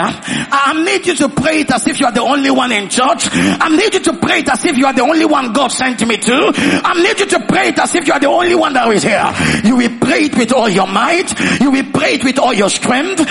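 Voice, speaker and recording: A man with a Nigerian accent preaching a sermon as pastor, who tells stories and leads the church in shouted prayer. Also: extremely high pitch, vocal fry. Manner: storytelling sermon building into shouted prayer and tongues.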